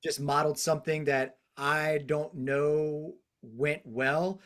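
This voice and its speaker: Reflective man host, slightly high voice. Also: fairly even intonation, slow, a bit bright. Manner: reflective, talks things through with casual fillers. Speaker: podcast host. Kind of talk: casual podcast conversation.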